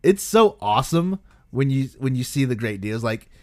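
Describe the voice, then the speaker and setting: A man's voice: mid-range voice, very animated, moderate pace, no echo, clean studio sound. A young man co-hosting a casual podcast chat, enthusiastic and swearing casually. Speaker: podcast co-host.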